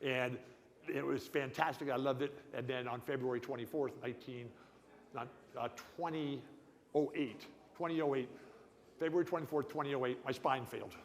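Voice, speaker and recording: The guest speaker at this club awards dinner is an older man who says he has always stuttered. In the large banquet hall, his mid-range voice keeps a steady tone and normal pace while he rambles emphatically and folksily across tangents.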